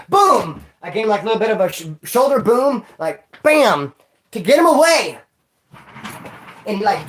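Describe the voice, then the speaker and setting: A man's voice: high voice, a little hiss or hum. A man hosting a livestream, telling stories in casual slang, rambling and repeating himself. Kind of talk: casual storytelling. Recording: roomy echo.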